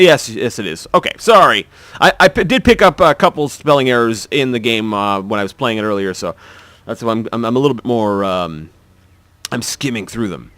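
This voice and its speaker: A man's voice: mid-range voice, animated, brisk, fairly bright tone, dry recording. A man casually talking through a video game playthrough, chatty, wry and rambling with restarts. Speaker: gaming video host.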